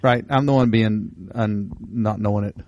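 A man's voice: on the low side, moderate pace, creaky, a little mellow. A man co-hosting a podcast, bantering casually with jokes and self-deprecating asides. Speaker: podcast co-host. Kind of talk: casual chat.

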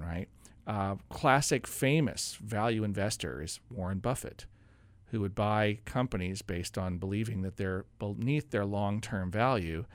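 A man's voice: lowish voice, no echo. Dry-voiced man explaining investing. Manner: explanatory, lots of restarts and laughs. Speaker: co-host. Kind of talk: casual radio show chat.

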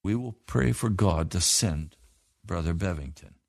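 A quiet, steady father in a read-aloud story, as a male reader voices him low and soft. He talks slowly and calmly. The sound is close and dry. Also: vocal fry, dry recording, full character voice. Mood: resolved.

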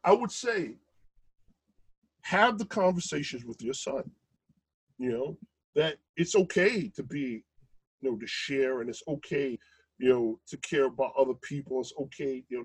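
A man's voice: mid-range voice, breathy edge, no echo, poor audio. A man, talking casually and swearing freely as he tells stories. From Brooklyn, New York. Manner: profane, animated storyteller. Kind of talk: casual chat.

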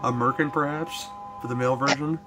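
A man's voice: medium pitch, fairly even intonation, brisk, loud music behind the voice. A man hosting a casual movie commentary podcast, rambling easily with fillers and restarts. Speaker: podcast host.

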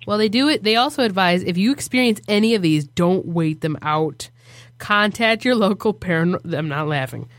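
A woman's voice: on the low side, fairly quick, few pauses, no room sound. A woman co-hosting a podcast in casual chat, joking and laughing often. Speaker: podcast co-host.

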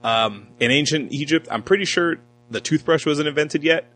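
Joking and sarcastic, this film-review podcast co-host slips into a character voice to act out quotes from the movie during a casual chat. His voice is a little high and fairly bright, his pace moderate, and the audio quality is poor.

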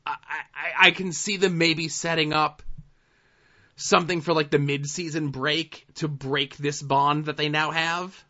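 A man's voice: a little high, steady tone, a little slow, bright, forceful tone, lo-fi sound. A man co-hosting a casual podcast, recapping TV episodes in a laid-back, dry way with plenty of fillers. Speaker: podcast co-host.

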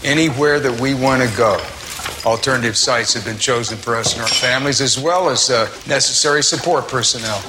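A man's voice: mid-range voice, a little fast, background noise, lightly acted. An actor playing an arrogant, powerful man who lectures an underling in a domineering way. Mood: condescending. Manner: condescending, domineering.

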